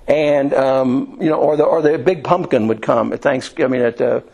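A man from Indiana preaching a sermon in a folksy, storytelling way, often restarting and filling pauses. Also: medium pitch, fairly even intonation, gravelly, a little mellow, low-quality recording. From Indiana, USA.

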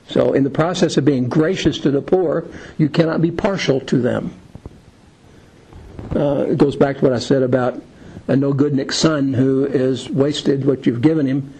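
Gravelly, husky man teaching a Bible lesson. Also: medium pitch, moderate pace, warm tone, rough recording. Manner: conversational, rambling, many fillers; retells film scenes as illustrations.

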